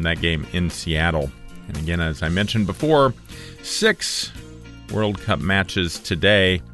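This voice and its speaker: A man in his fifties hosting local morning radio, announcing in a relaxed, conversational way. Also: low-pitched. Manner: relaxed, conversational, self-correcting.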